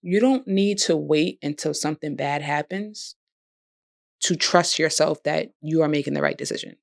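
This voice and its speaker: A young woman vlogger gets personal and emotional about healing and forgiveness, talking in a heartfelt, casual way with bursts of laughter. She has a low voice with vocal fry at a moderate pace, recorded dry with studio quality.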